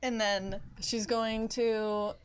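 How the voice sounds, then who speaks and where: A woman's voice: fairly high pitch, little pitch movement, drawn-out words, slight background noise. A woman player at a live tabletop game, laughing often as she describes her character's actions.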